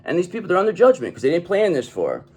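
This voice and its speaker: A man's voice: high-pitched, wildly swooping pitch, quick pace, a little mellow, slightly rough. A man giving a tarot reading in an emphatic, profane manner, often checking in with "okay?". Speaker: tarot reader.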